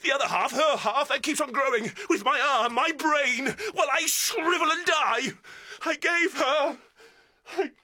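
A man playing a jealous, unhinged army captain and father, swinging between mocking laughter, despair and shouting. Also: extremely high pitch, moderate pace, dry recording, full character voice. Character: bitter, unhinged military father, jealous and raging. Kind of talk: stage drama acting.

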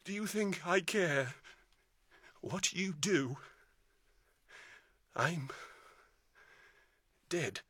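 Man acting a jealous unhinged captain, bitter, shouting, husky, bright, wildly swinging pitch. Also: very animated, unhurried, no echo, heavily acted. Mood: despairing. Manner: swings between mocking laughter, despair and shouting. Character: bitter, unhinged military father, jealous and raging. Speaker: army captain. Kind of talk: stage drama acting.

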